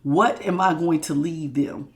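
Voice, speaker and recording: Woman tarot reader, sick, low gravelly voice, folksy and chatty. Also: steady tone, a little slow. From Southern United States. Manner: chatty, folksy, calls listeners y'all and baby. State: sick with a sore throat. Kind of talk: casual spiritual reading.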